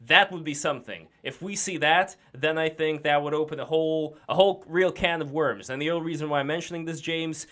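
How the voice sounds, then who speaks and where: A man's voice: a little high, fairly quick, few pauses, a bit bright. A man from Russia with a Russian accent, co-hosting a podcast and talking in a loose, joking, digressive way. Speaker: co-host.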